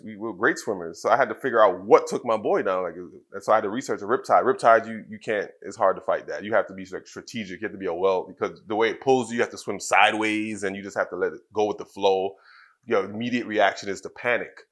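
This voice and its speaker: A man from Trinidad, in his thirties, telling a personal story in an interview, soft-spoken and halting, with many fillers and restarts. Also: fairly low pitch. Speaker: wrestler guest.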